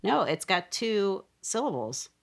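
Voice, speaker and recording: A woman's voice: medium pitch, very animated, measured pace, gravelly, slight background noise. A woman co-hosting a casual podcast, teasing and insistent as she argues over ghost-hunt recordings. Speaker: podcast co-host. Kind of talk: casual chat reviewing ghost-hunt audio.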